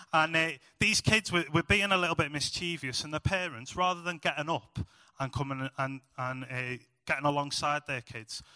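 Bright chatty male preacher. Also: fairly high pitch, no room sound, in a large hall. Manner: chatty, self-mocking storytelling with animated asides. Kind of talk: sermon.

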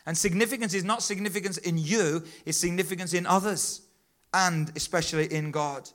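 A man's voice: sits high, fairly even intonation, fairly quick, a bit bright. A middle-aged male preacher delivering a sermon, emphatic and rhythmic, repeating key phrases.

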